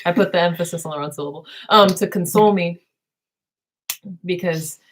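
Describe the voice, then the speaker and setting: A woman's voice: fairly low pitch, brisk, a little hiss or hum. A young woman hosting a casual late-night stream, rambling with many fillers and laughing often as she talks. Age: young adult. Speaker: live stream host chatting with her sister.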